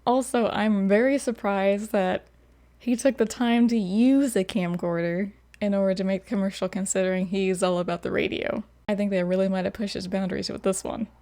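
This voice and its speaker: Gravelly chatty woman reactor. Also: mid-range voice, steady tone, normal speed, warm tone. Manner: chatty, laughs often. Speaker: host. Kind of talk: reaction commentary.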